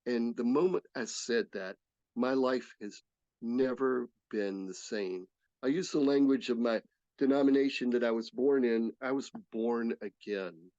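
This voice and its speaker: Older man, 60s, personal testimony talk; gravelly, earnest, stops and restarts; dry, slightly muffled sound. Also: medium pitch, a little mellow, no room sound. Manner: earnest, halting storytelling with restarts. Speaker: speaker sharing his recovery story. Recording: slightly dull, dry recording.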